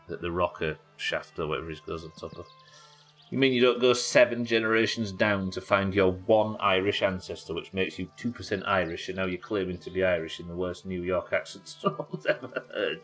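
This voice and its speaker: Deep-voiced with a fairly bright tone, this man from England provides live gameplay commentary on a stream. He mutters to himself and thinks out loud as he talks with his viewers.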